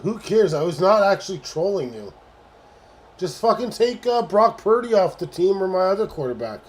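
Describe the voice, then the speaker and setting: A man's voice: high voice, very animated, moderate pace. A man hosting a late-night sports livestream, talking casually and profanely to his chat about fantasy football trades. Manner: profane, exasperated banter with chat. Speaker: livestream host.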